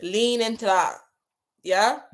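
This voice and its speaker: A woman hosting a casual livestream as a spiritual coach, passionately chatting, repeating herself and giving viewers shout-outs. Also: medium pitch, slow. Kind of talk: casual livestream chat reading out comments.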